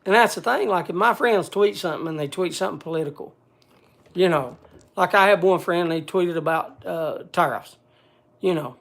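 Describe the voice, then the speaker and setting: A man speaking bluntly to a group in casual talk, halting often and restarting his sentences. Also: high voice, vocal fry, a bit bright. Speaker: speaker addressing a group gathering.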